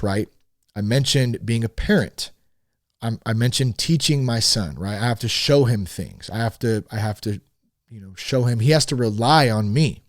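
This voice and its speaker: A man in his thirties hosting a podcast, talking frankly in a casual, animated monologue. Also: mid-range voice, no echo, clean studio sound. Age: 30s. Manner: animated and frank, with swearing and rising emphasis. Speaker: podcast host.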